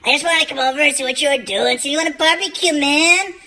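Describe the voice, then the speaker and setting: A man's voice: very high voice, fast talker, vocal fry, pushed and bright, voice pushed up, exaggerated voice. A man voicing his eager, pushy male cousin who drops Spanish words into his invitations to go out.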